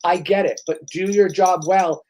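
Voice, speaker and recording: A woman hosting a comedy podcast, telling stories in an animated, profane way and working herself up as she talks. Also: on the low side, moderate pace, slight background noise. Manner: profane, animated storyteller who gets worked up. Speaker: podcast host. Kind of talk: comedic casual chat.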